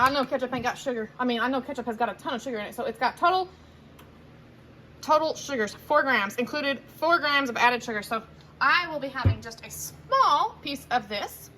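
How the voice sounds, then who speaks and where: Lady in her 30s rambling while she cooks, bright high voice, phone cam in the kitchen. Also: a little hiss or hum. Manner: chatty, rambling, self-correcting. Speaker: vlogger cooking at home. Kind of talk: casual chat while cooking. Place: home kitchen. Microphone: handheld phone camera.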